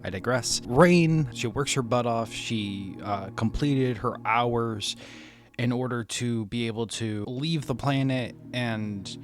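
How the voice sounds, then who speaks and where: Faint music sits behind a man speaking slowly in a mid-range voice as he tells a casual story about his day at the movies. The movie reviewer rambles, often restarting and correcting himself, and laughs at himself as he goes.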